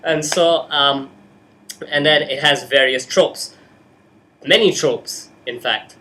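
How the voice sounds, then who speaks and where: A man's voice: on the high side, slow pace, pushed and bright. Hyper young man chatting from his bedroom. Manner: hyper, jokey, breaks into silly put-on voices. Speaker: host. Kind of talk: casual movie chat. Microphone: webcam.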